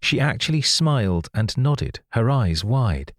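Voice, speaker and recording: A man reading a first-person audiobook in a measured, wry storytelling manner. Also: mid-range voice, sing-song, no room sound, clean studio sound. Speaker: audiobook narrator.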